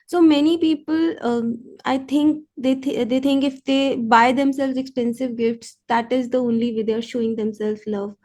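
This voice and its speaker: Woman host, high voice, affirming, thoughtful questions. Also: moderate pace, darkish tone. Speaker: podcast host. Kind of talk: interview conversation.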